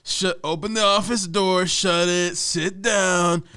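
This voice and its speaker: A man impersonating his brash male sales boss, who shouts one-liners and teases. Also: sits high, fairly even intonation, slow, clear, resonant tone, voice pushed up, full character voice. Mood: bossy teasing. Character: loud over-the-top male sales boss, teasing.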